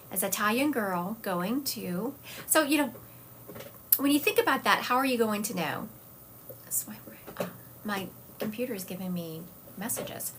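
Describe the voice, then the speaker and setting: A woman's voice: mid-range voice, a bit bright, a little hiss or hum. Woman hosting live psychic readings. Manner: encouraging, talks directly to chat. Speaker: psychic medium host.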